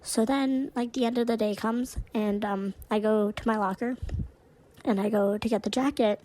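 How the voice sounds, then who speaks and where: A woman's voice: a little high, fairly even intonation, moderate pace, mellow, slight background noise, low-quality recording. A woman co-hosting a podcast, chatting casually and recounting a story with lots of "like" in her speech. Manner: chatty, heavy use of "like". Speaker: podcast co-host.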